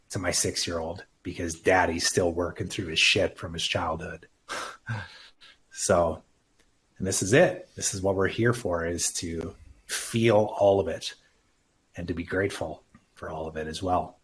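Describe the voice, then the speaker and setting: A man's voice: deep voice, steady tone, normal speed, a bit bright. A man in his thirties, a podcast guest, talking earnestly and emphatically about his life, swearing casually. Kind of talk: emotional personal conversation.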